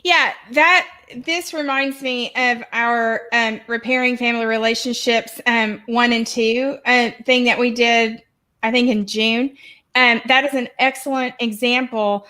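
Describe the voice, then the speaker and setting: A woman hosting a parenting podcast who gives measured advice with frequent pauses and fillers. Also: on the high side, fairly even intonation, sharp tone. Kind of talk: casual podcast chat.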